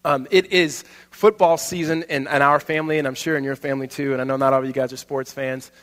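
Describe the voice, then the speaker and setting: A man in his thirties preaching to a congregation, telling family stories in a conversational, animated way with many restarts. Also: mid-range voice, fast talker. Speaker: pastor. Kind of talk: sermon with personal stories. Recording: long hall reverb.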